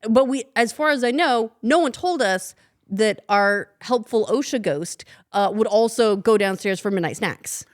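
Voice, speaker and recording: A woman with an American accent co-hosting a podcast, chatting quickly and playfully. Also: on the high side, lively intonation. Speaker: podcast co-host. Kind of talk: casual chat.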